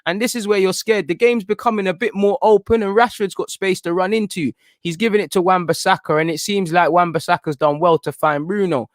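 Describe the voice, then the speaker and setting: A man's voice: high-pitched, a little fast, few pauses, no room sound, studio quality. A young man giving live, chatty fan commentary on a football match, pleading with players and the referee as play goes on. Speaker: host of a football watchalong stream.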